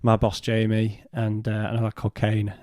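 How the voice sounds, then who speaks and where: A man, a podcast guest, telling a personal story in a halting way and retelling what was said in his own words. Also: lowish voice, monotone, warm tone, no echo, studio quality.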